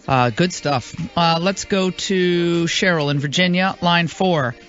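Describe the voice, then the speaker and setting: A woman's voice: on the low side, slow pace, lo-fi sound, faint music behind. A woman hosting a talk radio show, chatty and emphatic with frequent fillers. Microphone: studio microphone.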